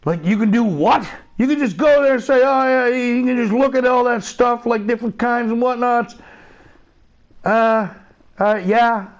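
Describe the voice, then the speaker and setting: A man's voice: extremely high pitch, unhurried. A man from the Netherlands with a Dutch accent, chatting casually and profanely as a streamer. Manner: laid-back, profane, laughs often. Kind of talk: casual chat while gaming.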